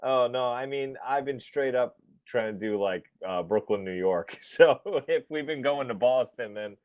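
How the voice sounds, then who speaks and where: A man's voice: medium pitch, moderate pace, dry recording, dull audio. A man playing a tabletop game, chatting boisterously, laughing often and swearing freely. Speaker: player. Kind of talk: casual chat during a tabletop game.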